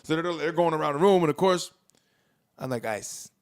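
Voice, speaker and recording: A young man with a voice on the high side talks fairly quickly while cohosting a podcast. In this casual storytelling chat he animatedly tells a long, profane story, laughing throughout and swinging between loud and soft as he acts out quotes.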